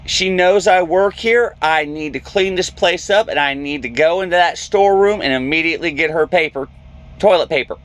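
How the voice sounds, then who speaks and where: A truck driver with a slightly high voice tells a story in a vlog at normal speed. He's an animated storyteller who acts out the voices of the people he quotes.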